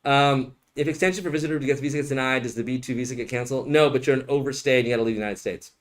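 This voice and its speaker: A man's voice: medium pitch, very fast. A male immigration attorney answering viewer questions in a casual, joking livestream Q&A, blunt and given to rambling asides.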